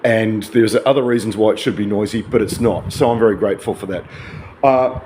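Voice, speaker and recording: A low-voiced man in his sixties talks on and on in a casual morning vlog, drifting from story to story and dropping the odd swear word. He records indoors at a hotel, with a faint hum of background noise around him. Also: fairly even intonation, brisk, darkish tone. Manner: chatty, digressive, casually swearing. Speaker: vlogger. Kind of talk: rambling early-morning vlog monologue.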